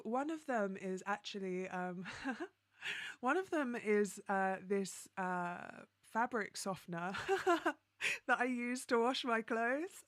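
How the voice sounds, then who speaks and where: Reading out viewer comments on her casual livestream, a woman from London chats cheerfully, laughing a lot and saying um in the pauses. She has a medium pitch and a fairly bright tone, captured in a dry recording.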